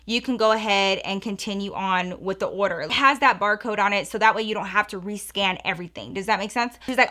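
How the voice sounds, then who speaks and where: Chatty, bright-voiced woman telling a story. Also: a little high, brisk, few pauses. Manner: chatty, animated, addresses viewers as girl and y'all. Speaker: storytelling vlogger. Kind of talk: casual storytime vlog.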